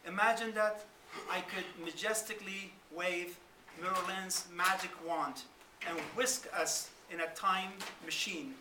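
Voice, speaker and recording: Male orator, slow deliberate delivery, high ringing voice, caught from across an echoey hall. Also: noisy background. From Turkish-ruled Kurdistan. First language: Kurdish. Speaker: guest speaker. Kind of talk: formal lecture oration. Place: university lecture hall. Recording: roomy hall, mic from far off.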